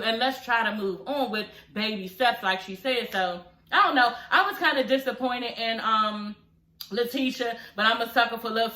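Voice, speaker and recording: Blunt, laughing woman in an echoey room. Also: mid-range voice. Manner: blunt, profane, animated and laughing, with repeated "you know what I'm saying". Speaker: reality TV recap host. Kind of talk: casual reaction commentary.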